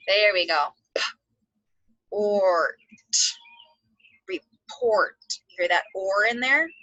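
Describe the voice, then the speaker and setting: A woman teacher giving a phonics lesson to second graders, slowly sounding out words and spelling letters aloud. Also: mid-range voice, pushed and bright, breathy edge, dry recording, dull audio.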